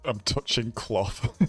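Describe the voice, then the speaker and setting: A man's voice: medium pitch, fairly bright tone, slightly rough. Chatty man streaming. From Bradford, England. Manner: rambling, chatty, laughs often. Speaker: racing game streamer. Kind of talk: casual live-stream chat.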